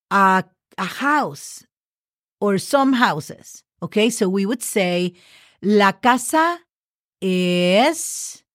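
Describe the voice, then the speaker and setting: A woman with a mid-range, fairly bright voice hosts a casual Spanish-lesson podcast, patiently spelling words letter by letter and often checking in with "okay." She slows down for example sentences, and the recording is dry and studio quality.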